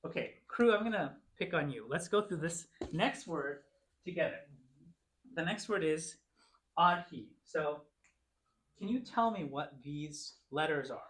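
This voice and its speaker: A man's voice: a little high, animated, unhurried, fairly bright tone. A man teaching a church class, patiently coaxing his students through each word and calling on them by name. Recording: echoey room.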